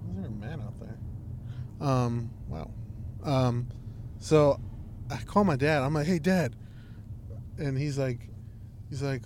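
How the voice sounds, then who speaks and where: A young man casually telling a long, profane, animated story, full of "I'm like" and "she's like". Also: medium pitch, unhurried, pauses often, a little hiss or hum. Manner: rambling, profane, animated retelling with lots of "I'm like". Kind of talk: casual chat.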